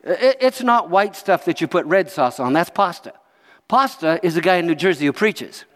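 A man's voice: sits high, normal speed, long reverb tail. A man preaching a sermon as a pastor, telling a story with jokes and asides to the congregation. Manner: animated, jokey, chuckles to the crowd.

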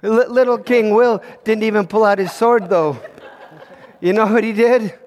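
High-voiced man telling a story in a hall. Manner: animated, halting with repeated words. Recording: hall reverb.

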